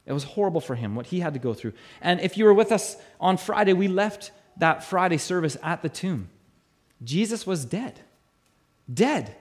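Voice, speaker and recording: A male pastor delivers a sermon in a high voice. He presses his points by repeating them, swells at his key lines and sinks to a hush on the grave ones. He often restarts with stammered repeats. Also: sing-song, moderate pace. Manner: emphatic, repeats key phrases, voice swells and drops low for weight.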